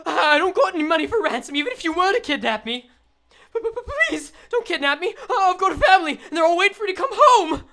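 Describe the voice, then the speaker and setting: A woman's voice: extremely high pitch, sing-song, fast talker, sharp tone, voice pushed up, exaggerated voice. A woman voicing a frightened grown man who pleads and stutters in a panic, in a game story read aloud. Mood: panicked.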